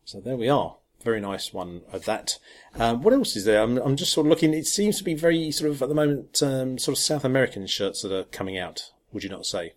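A man co-hosting a casual podcast, talking with lots of ums, restarts and soft chuckles. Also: mid-range voice, a little fast. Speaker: podcast co-host. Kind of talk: casual chat about football kits.

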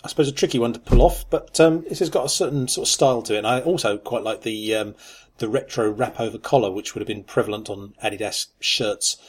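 Measured man, mid pitch. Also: slightly rough. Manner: measured, many ums, wry. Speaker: podcast co-host. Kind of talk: casual chat.

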